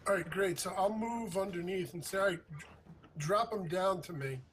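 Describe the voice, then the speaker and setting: A man's voice: high-pitched, moderate pace, a bit bright. A man playing a tabletop game, talking bluntly and swearing freely. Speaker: player. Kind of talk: casual tabletop play.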